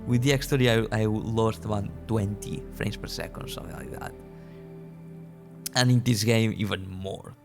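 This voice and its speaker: A man's voice: lowish voice, moderate pace, vocal fry, music in the background. Chatty young man rambling over gameplay. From small European country. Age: early 20s. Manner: rambling, chatty, with frequent restarts, swearing and laughter. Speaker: gaming channel host. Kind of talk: casual gameplay commentary. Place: at home at his computer.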